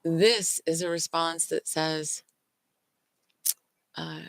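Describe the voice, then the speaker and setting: A woman speaks as the host of a healing talk, working through her ideas aloud in an earnest, searching way. Her voice sits a little low but sounds bright and forward. The recording is close and dry. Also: steady tone, drawn-out words, creaky, no room sound. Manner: earnest, searching, stops to apologize and regroup. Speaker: host, emotional healing teacher. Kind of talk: unscripted teaching monologue.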